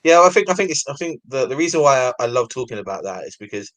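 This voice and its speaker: Fast-talking rambling host. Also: male voice, medium pitch, sing-song, fairly bright tone. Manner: rambling, friendly, many fillers. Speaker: podcast host. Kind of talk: casual podcast interview.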